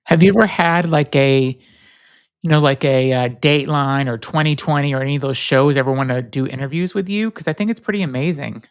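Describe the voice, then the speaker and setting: A man's voice: medium pitch, brisk, clear, resonant tone. A man hosting a podcast, asking curious follow-up questions in a casual interview. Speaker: podcast host.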